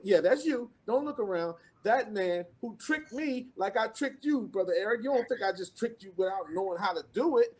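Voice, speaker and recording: A man hosting an online business event, introducing the next speaker in a rhythmic, preacher-like style with repeated calls to the audience. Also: high voice. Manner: preacherly, rhythmic repetition, rising to excited calls. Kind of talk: energetic motivational introduction.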